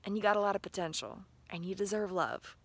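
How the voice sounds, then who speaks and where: A woman with a bright, forward tone and a gravelly edge gives a playful, enthusiastic motivational talk to camera. She coaches her viewers like a self-help vlogger. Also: medium pitch, animated, quick pace, dry recording. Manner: enthusiastic, breathy and playful, laughing often.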